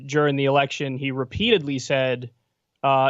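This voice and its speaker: A man argues his political points bluntly as a guest commentator. His voice sits on the higher side. It comes through a dry, dull, lo-fi remote line. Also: moderate pace, dry recording. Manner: blunt, argumentative.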